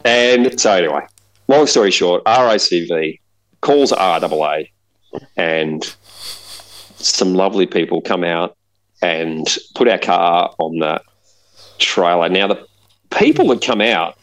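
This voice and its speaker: A man's voice: low voice, measured pace, pauses often, low-quality recording. An Australian man co-hosting a podcast, telling a funny anecdote in casual chat over a remote call. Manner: animated anecdotal storyteller. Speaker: podcast co-host. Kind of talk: casual storytelling.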